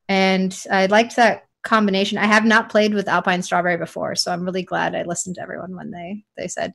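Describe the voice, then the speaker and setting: A woman co-hosting a casual mixing chat, rambling with many fillers and restarts. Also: mid-range voice. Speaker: e-liquid mixing podcast co-host.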